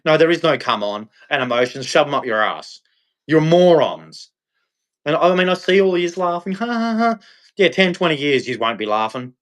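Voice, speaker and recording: A man's voice: a little high, lively intonation, normal speed, a bit bright. An Australian man ranting on a livestream in a blunt, scolding, preachy way. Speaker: livestream host. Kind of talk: livestream rant.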